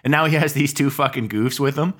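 A man co-hosting a casual podcast, telling animated stories with heavy swearing. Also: medium pitch, brisk. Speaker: podcast co-host.

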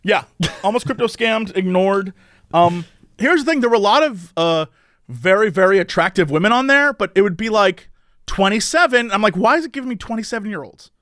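A man in his thirties, an animated podcast co-host, telling stories in casual chat with a lot of laughter. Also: sits high, normal speed, no room sound, clean studio sound.

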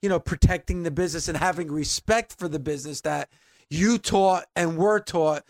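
A man hosting a podcast, measured as he sums up and reads the outro. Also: on the high side, a little mellow, no echo. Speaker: podcast host.

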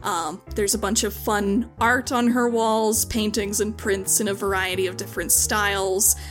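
A woman's voice: medium pitch, flat delivery, normal speed, faint music behind. A woman narrating a tabletop game as game master, chatty and hedging with frequent likes and ums.

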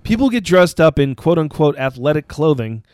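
A man's voice: on the high side, sing-song, moderate pace, a little mellow, clean tone, dry recording. A man co-hosting a casual podcast who reads the news segments and throws in dry, sarcastic jokes. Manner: dry, sarcastic, joking asides. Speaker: podcast co-host.

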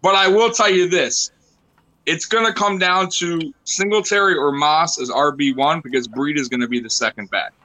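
Emphatic bright-voiced man arguing sports. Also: fairly high pitch, moderate pace, poor audio. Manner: emphatic, argumentative. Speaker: former football player guest. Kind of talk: casual sports banter.

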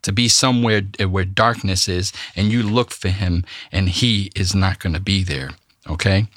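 A man's voice: low-pitched, steady tone, moderate pace, fairly bright tone, no room sound, clean studio sound. A man teaching the Bible on a podcast. He reads scripture aloud, explains it in a conversational way, and keeps checking in with "okay?".

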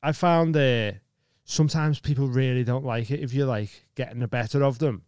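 A man's voice: medium pitch, normal speed, darkish tone, clean tone, no room sound, clean studio sound. A comedian, chatting on a podcast and acting out voices in his anecdotes, laughing often. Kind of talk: casual chat, storytelling.

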